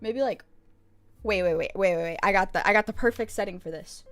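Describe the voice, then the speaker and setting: A young woman chatting casually on a live stream, chaotic and jokey, with quick swings of mood. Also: mid-range voice, faint music behind.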